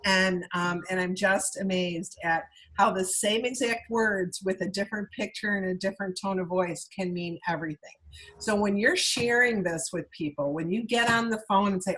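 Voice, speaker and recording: A woman's voice: medium pitch, normal speed, a bit bright, rough recording. A woman talking through a video call as a sales consultant training her directors. She is chatty, repeats herself and keeps checking in with "okay?" and "all right?".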